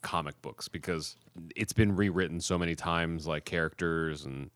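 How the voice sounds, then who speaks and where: A man's voice: sits low, normal speed, no room sound. A man hosting a podcast in casual chat, rambling with many fillers and restarts. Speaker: podcast host.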